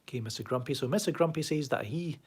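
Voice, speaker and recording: A man with a Glasgow accent sits in a room at home on a live stream, sardonically rambling and reading chat aloud as he answers viewers. He talks quickly in a voice on the high side, darkish in tone and slightly rough.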